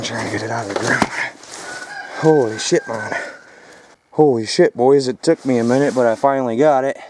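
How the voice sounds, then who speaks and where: Background noise accompanies this medium-pitched man from Michigan as he vlogs at a rural property, hauling scrap and occasionally running out of breath. His narration is loose and profane, and he addresses viewers as folks and boys.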